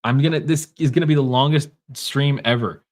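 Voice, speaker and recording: A man's voice: medium pitch, brisk. Wry, casual Minnesota man streaming. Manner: casual and wry, reading chat comments aloud. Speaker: podcast host. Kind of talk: casual postgame livestream chat.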